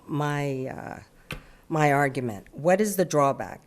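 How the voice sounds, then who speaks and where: A woman's voice: low-pitched, expressive. Insistent woman speaking at public comment. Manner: insistent, with halting restarts. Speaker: public commenter at a city council meeting.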